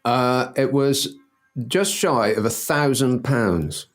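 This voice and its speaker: A middle-aged man hosting a casual podcast chat, joking in a dry, deadpan way. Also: medium pitch, takes it slowly. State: has toothache. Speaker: podcast host.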